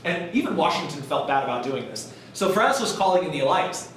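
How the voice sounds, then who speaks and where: Recorded from far off in an echoey college classroom, this man delivers a history lecture in a loose, joking style, playing the parts of historical figures. His voice is on the high side and a bit bright, very animated and brisk with few pauses, over a slight hiss or hum.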